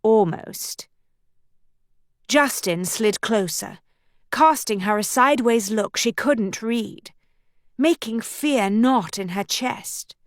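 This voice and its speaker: A woman narrating an audiobook in measured, even storytelling, recorded on a studio microphone. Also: fairly high pitch, dry recording. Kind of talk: scripted narration.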